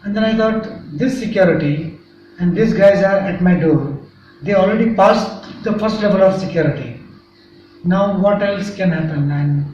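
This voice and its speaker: A man's voice: sits high, a little mellow. A man from India, earnestly describing a frightening experience as an interview guest. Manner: earnest, recounting a frightening event. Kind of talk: personal account in an interview. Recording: echoey, distant, muffled with faint noise.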